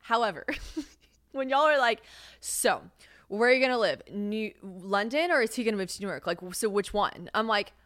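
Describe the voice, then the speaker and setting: A woman's voice: mid-range voice, normal speed, no echo, clean studio sound. A young woman hosting her own podcast, talking candidly about her life in casual chat, swearing freely, laughing often and acting out quoted lines. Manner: candid and profane, animated, laughs often, acts out quoted voices. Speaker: podcast host.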